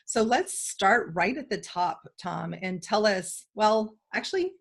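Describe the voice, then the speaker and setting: A woman co-hosting a podcast, a little hoarse from a cold, chatting in an enthusiastic, talkative way. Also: mid-range voice, animated, measured pace. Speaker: podcast co-host. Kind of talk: casual interview chat.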